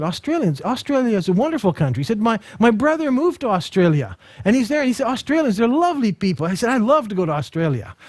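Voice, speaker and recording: Man, ministry teacher; animated storyteller with a high, swooping voice and a dry, close sound. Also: no room sound. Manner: animated storytelling, acts out dialogue; frequent restarts and repeated words. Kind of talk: ministry school lesson with personal stories.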